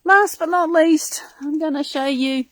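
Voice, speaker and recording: Bright-voiced woman chatting through her garden. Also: sits high, unhurried, no echo. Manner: chatty, rambling and enthusiastic. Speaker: live-stream host. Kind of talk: casual garden tour on a live stream. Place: outdoors in her front garden.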